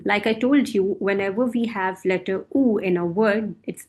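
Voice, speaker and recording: A woman teaching a beginner French lesson, speaking slowly and patiently and repeating each word for her students to drill. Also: medium pitch, darkish tone.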